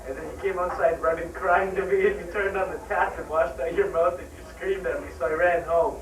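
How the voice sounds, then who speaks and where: Young man, bright high voice, loose rambling storyteller; far off, echoey, crowd behind. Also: fairly even intonation, fairly quick. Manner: rambling, restarts, laughs between lines. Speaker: childhood friend telling stories. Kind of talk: casual anecdotes to camera. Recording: echoey room, distant mic, crowd chatter.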